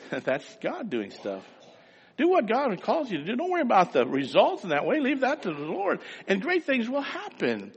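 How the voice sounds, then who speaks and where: A man preaching a sermon, telling folksy stories and building to fervent, loud exhortation. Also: sits high, huge pitch swings, moderate pace, husky, long reverb tail, dull audio.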